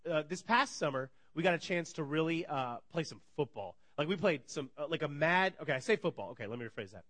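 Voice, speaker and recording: Animated bright-voiced man preaching. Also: fairly high pitch, quick pace, dry recording. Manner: energetic storytelling, acts out dialogue, laughs often. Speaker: pastor. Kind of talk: sermon.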